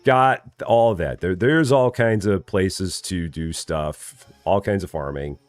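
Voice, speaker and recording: A man's voice: low-pitched, takes it slowly, no echo, faint music behind. A man casually commenting as he plays a farming game on a live stream, chatty and friendly, greeting viewers by name and often repeating his words. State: still waking up, early morning.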